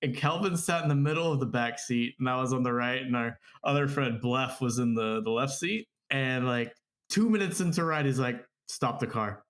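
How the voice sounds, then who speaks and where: A man's voice: mid-range voice, fairly quick, fairly bright tone. A man co-hosting a casual podcast, telling a story, laughing and acting out his friends' lines. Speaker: podcast co-host.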